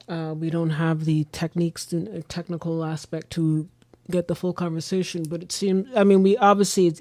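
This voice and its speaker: Podcast host in easy chat, stammers and repeats words a lot, middle pitch, dry close sound. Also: warm tone, dry recording. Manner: stammering, repeats words while searching for them. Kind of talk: casual interview chat.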